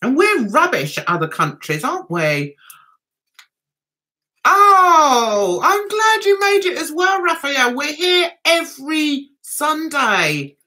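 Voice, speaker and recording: Giggly bright-voiced woman. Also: high-pitched, very animated, measured pace, hardly any pauses. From England. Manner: giggly, laughs often. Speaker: livestream host. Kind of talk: casual livestream chat reading comments.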